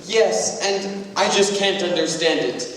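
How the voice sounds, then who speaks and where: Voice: medium pitch, a little slow, slight background noise, natural voice. A teenager acting an earnest, lovesick young groom who pleads in a flustered way, on a school stage. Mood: pleading. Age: teens. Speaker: student actor. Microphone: far room mic. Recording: distant, echoey school hall.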